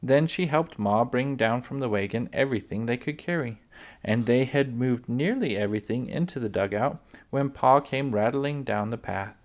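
A man reading a children's book aloud, unhurried, with small slips and restarts. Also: medium pitch. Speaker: reader.

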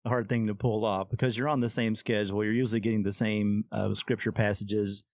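A man with a lowish voice who talks in a halting, casual way, restarting his words and leaning on "like" and "you know". He is recorded dry and close, with no room sound. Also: flat delivery, no echo. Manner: hesitant, repeats words, many fillers like "like" and "you know". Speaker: podcast co-host. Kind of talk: casual chat.

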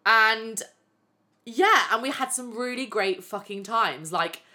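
A young woman hosting a podcast, telling frank, animated stories full of swearing and fillers. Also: fairly high pitch, takes it slowly. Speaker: podcast host. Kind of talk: candid casual storytelling.

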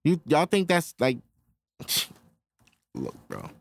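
A man's voice: a little high, huge pitch swings, slow, gravelly, dry recording. A man hosting his own podcast, ranting casually and profanely straight to his listeners. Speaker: podcast host. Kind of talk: casual solo podcast rant.

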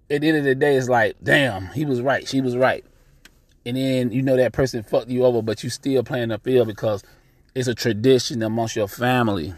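A podcast host with a medium-pitched voice rants in a casual monologue, recorded dry. He's blunt, profane and animated, and he keeps repeating himself.

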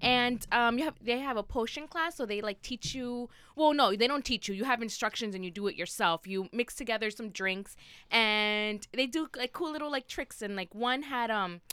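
A woman's voice: fairly high pitch, moderate pace, bright, forceful tone, clear, resonant tone, no echo. A woman chatting casually on a comedy talk show, telling a story in a bubbly, giggly way. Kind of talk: casual chat.

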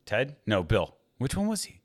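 A man's voice: mid-range voice, wildly swooping pitch, moderate pace. A man in a casual podcast chat, rambling with lots of fillers and frequent laughs. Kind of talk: casual chat about movies.

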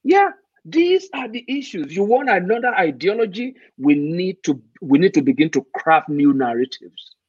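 A man's voice: sits high, big pitch swings, moderate pace, darkish tone, slightly rough, no room sound. A man from Nigeria, speaking emphatically as an interview guest and posing rhetorical questions. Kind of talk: conversational interview. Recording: dull, muffled dry sound.

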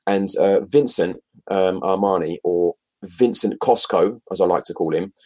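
A chatty man with a low, husky voice, co-hosting a relaxed livestream. He reads comments aloud, calls out to viewers by name and laughs between points. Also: measured pace. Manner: chatty, addresses viewers directly, laughs often. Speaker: co-host reading chat comments. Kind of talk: casual livestream chat.

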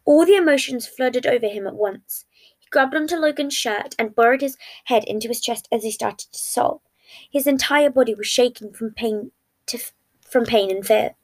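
A woman narrating a fan fiction story in a soft, even reading manner with small slips. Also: fairly high pitch, moderate pace.

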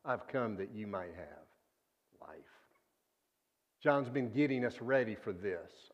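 A man preaching a sermon, earnest and deliberate, often sinking to a hushed low voice on key words. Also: lively intonation, muffled recording.

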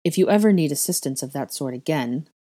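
A woman voicing a cold, stern male professor who speaks slowly and deliberately. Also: low-pitched, animated, warm tone, no room sound.

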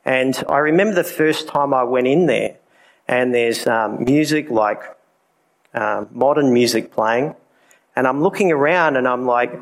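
A man's voice: mid-range voice, rough recording. A man giving his personal testimony to a church congregation, candid and conversational, with many fillers. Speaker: preacher sharing his testimony.

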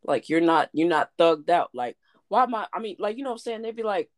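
A woman chatting casually as a guest, relaxed and conversational, often asking "you know what I'm saying". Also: fairly low pitch, brisk, dry recording, clean studio sound. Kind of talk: casual chat.

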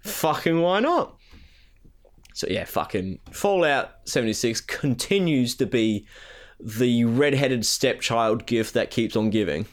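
A man's voice: mid-range voice, lively intonation, measured pace. A man co-hosting a casual gaming podcast, ranting with lots of swearing and mocking impressions. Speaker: podcast co-host.

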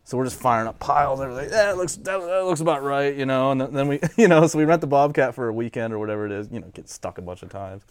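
A man's voice: mid-range voice, rapid-fire, few pauses, no room sound. Man, middle-aged, laid-back storyteller, swears, laughs a lot, dry sound. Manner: laid-back, swears, laughs often, quotes people in character. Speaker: guest. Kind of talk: casual chat.

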